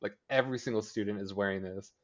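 A man casually recapping a TV episode on a podcast, chatty and sarcastic, quickly acting out the characters' lines. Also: lowish voice, highs cut off. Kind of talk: casual chat.

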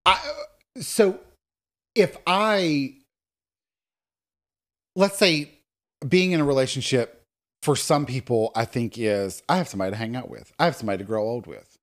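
A man's voice: medium pitch, normal speed, pauses often. A man co-hosting a podcast, chatting casually and thinking aloud in a roundabout way. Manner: thoughtful, circling, many fillers. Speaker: podcast co-host. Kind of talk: casual chat.

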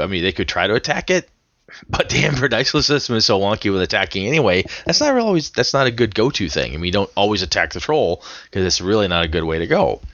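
A man with a very low voice and a bright, forceful edge to it, talking casually on a podcast. He rambles through his story, restarting sentences as he goes. The sound is dry but a little dull and lo-fi. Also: no room sound. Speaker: podcast co-host. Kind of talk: casual chat about tabletop gaming.

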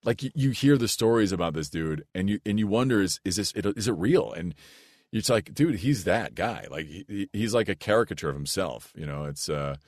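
A man with a very low, deep voice tells a story from his acting days, casual and animated, laughing along as he goes. The sound is dry and close, with no room around it. He is from the United States and talks like a podcast guest. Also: fairly quick, dry recording.

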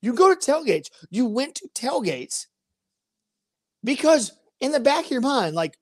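A woman's voice: high-pitched, big pitch swings, measured pace, no echo, studio quality. A woman co-hosting a casual sports chat, ranting and mocking rival fans. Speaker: podcast co-host.

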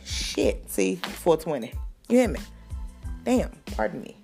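Brief: woman host, lowish voice, swears freely, heated news-chat delivery, faint music under it. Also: very animated, measured pace, gravelly, dark tone. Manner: profane, fired-up commentary. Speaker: podcast host.

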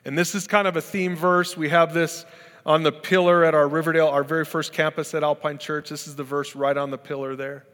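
A middle-aged pastor delivers a sermon as conversational storytelling, acting out the quotes he tells. His voice is fairly high and fairly bright, his delivery flat and a little fast. A long hall reverb colors the recording.

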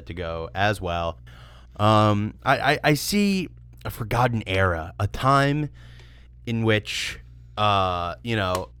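Recorded dry, this young man's medium-pitched voice comes across clear, resonant and fairly bright. He co-hosts a beer-review podcast, trading sarcastic, rambling jokes in casual comedic banter and laughing frequently.

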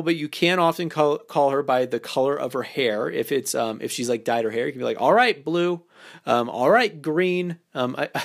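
A man's voice: medium pitch, vocal fry. A man hosting a podcast as a dating coach, talking casually with lots of fillers and acting out playful example lines. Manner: casual, loose phrasing with many fillers. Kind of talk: instructional podcast talk.

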